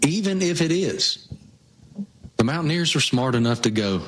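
A man with a Southwest Virginia accent, co-hosting a casual chat and telling stories in a folksy, drawn-out way. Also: on the high side, animated. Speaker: co-host.

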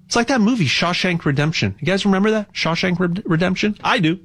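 A man hosting a casual promotional monologue, rambling and animated, stumbling over frequent restarts as he urges listeners to buy gold. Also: high-pitched, quick pace. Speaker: host pitching gold buying.

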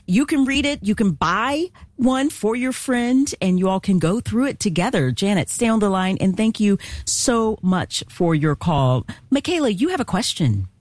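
A woman hosting a faith call-in radio show, speaking in a steady, pastoral way. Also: mid-range voice, normal speed, few pauses, no room sound. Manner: warm affirmations, steady and pastoral.

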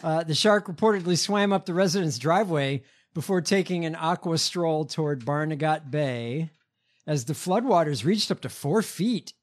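Casting: man, slightly higher voice, halting headline reader. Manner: hesitant, reads headlines with fillers. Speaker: host reading headlines. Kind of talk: casual news banter.

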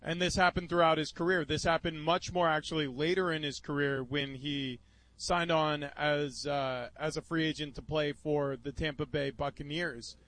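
A man, a former pro football player, co-hosting sports talk radio in a measured, explanatory way. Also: a little high, steady tone, fairly bright tone, no room sound, low-quality recording. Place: radio studio.

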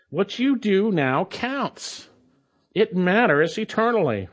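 A male pastor preaching an expository sermon, emphatic, repeating key phrases with long dramatic pauses and slowing down to stretch out words. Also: high voice, big pitch swings. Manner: stretches words slowly for emphasis, then speeds up.

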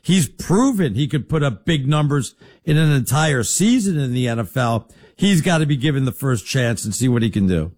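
A man co-hosting a sports talk show, blunt and joking, quick to wave off claims he finds bogus. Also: medium pitch, animated, a little mellow.

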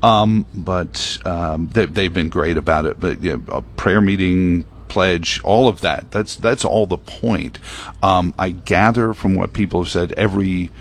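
A low-pitched man speaking a little slowly hosts a talk radio show from a broadcast booth at a prayer meeting venue. He chats casually, rambling and airing opinions with plenty of fillers.

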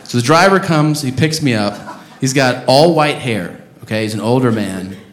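A man doing stand-up comedy on a club stage, ranting loudly and profanely in animated bursts. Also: medium pitch, moderate pace, slight background noise. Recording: roomy club with audience laughter.

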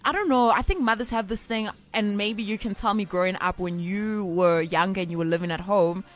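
A woman hosting a radio show, chatting casually and telling stories in an animated way. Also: mid-range voice, brisk. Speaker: radio host. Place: radio studio.

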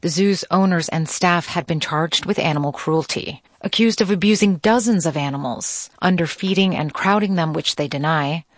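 A woman news reporter delivering a scripted radio report in a crisp, even manner. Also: lowish voice, moderate pace, few pauses, no echo, studio quality.

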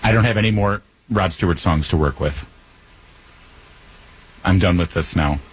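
A man's voice: low voice, normal speed, slightly rough. A male talk radio host delivering a joking monologue in a wry, teasing manner, slipping in puns.

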